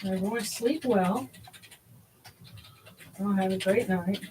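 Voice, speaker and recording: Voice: medium pitch, slow pace, darkish tone, a little hiss or hum, rough recording. Livestream host, casual and rambling, hesitant, plenty of fillers. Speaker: host of a religious livestream service.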